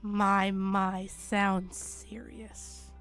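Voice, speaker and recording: A woman voicing a smug, teasing male fae with a smooth, cultured voice, reading game dialogue aloud. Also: medium pitch, flat delivery, fairly bright tone, soft background music. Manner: teasing, drawn-out and amused.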